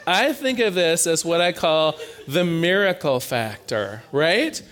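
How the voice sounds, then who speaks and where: A man preaching a conversational sermon, animated and informal, often repeating words as he builds a point. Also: a little high, takes it slowly.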